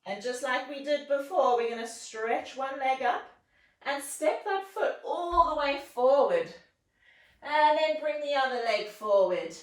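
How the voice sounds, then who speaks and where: A woman guides young children through yoga in a playful, encouraging sing-song. She speaks slowly in a fairly high voice. Her voice is distant and echoes around the room. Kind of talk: guided kids' yoga class.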